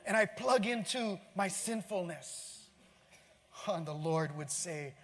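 A man with a high voice preaching a lively sermon, full of exclamations and sudden drops to near-hushed asides. He is recorded in a church auditorium, with a long hall reverb and faint room ambience behind him. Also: unhurried, slight background noise. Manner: animated, exclamatory, swings between shouting and hushed asides. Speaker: pastor.

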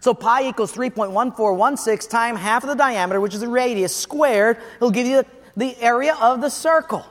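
A man's voice: extremely high pitch, moderate pace, hardly any pauses. A man voicing a smart, proper newcomer who protests in exasperation. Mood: exasperated. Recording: long hall reverb.

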